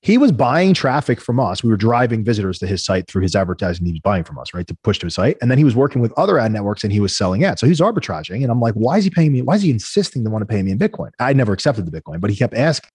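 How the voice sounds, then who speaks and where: A man, a guest entrepreneur telling animated stories in a casual interview, acting out the voices of the people he quotes. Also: fairly low pitch, very fast, few pauses, husky, no echo, clean studio sound. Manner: animated storyteller, acts out quoted voices, frequent "right?".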